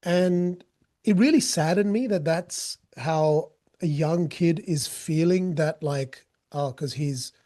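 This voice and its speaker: A man's voice: on the high side, slow pace, dark tone. A man, a guest telling stories in a candid, joking, rambling way. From Australia. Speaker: guest, street interviewer. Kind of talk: casual storytelling interview.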